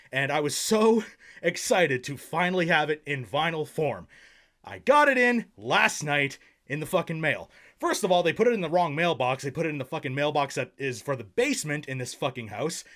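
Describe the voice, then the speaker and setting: A man's voice: fairly high pitch, moderate pace. A young man hosting a music review channel, delivering profane, sarcastic rants and blunt album reviews. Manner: angry sarcastic ranting, heavy swearing; calmer deadpan review delivery.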